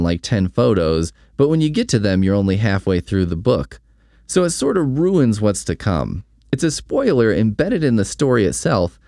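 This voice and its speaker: Gravelly sarcastic man reviewing a book. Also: on the low side, a little mellow, no room sound. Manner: dry, sarcastic commentary. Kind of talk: casual spoken book review.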